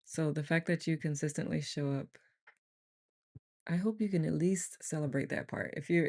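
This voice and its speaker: Leading a live online meditation group on camera, a woman chats casually, rambles, and laughs a lot with her group. Her deep voice is a little mellow with vocal fry. Sound comes from a computer mic.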